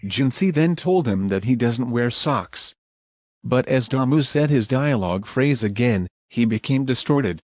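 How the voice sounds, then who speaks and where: A man narrating scripted scene recaps in a plain, even manner. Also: medium pitch, no room sound.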